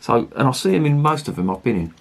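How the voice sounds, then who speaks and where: A man's voice: mid-range voice, big pitch swings, fast. A man reviewing beer in a rambling, chatty and sweary way. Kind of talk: casual review chat.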